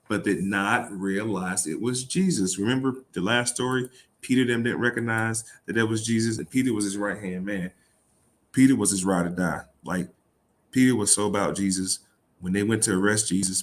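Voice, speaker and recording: A man's voice: fairly low pitch, normal speed. Irreverent man reading and riffing. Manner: irreverent, animated, swears and laughs. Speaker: host. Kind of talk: casual commentary reading scripture aloud.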